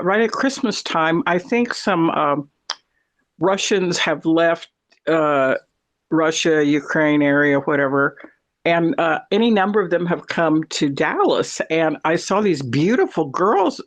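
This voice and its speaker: A man in a casual chat, telling long stories in an animated, rambling way. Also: fairly high pitch.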